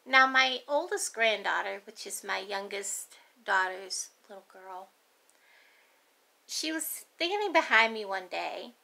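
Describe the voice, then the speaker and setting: A woman's voice: medium pitch, expressive, takes it slowly, creaky, sharp tone. A middle-aged grandmother telling family stories in a folksy, meandering, chatty way. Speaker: grandmother vlogger. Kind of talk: rambling storytelling.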